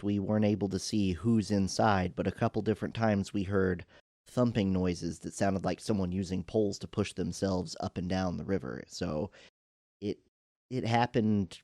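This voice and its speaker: A man's voice: sits low, darkish tone, dry recording, studio quality. A man playing in a tabletop role-playing podcast, asking the game master questions in a casual way. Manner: inquisitive, questioning. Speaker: player.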